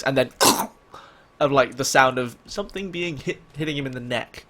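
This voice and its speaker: A man's voice: mid-range voice, normal speed, fairly bright tone. A man narrating as game master, rambling with many fillers.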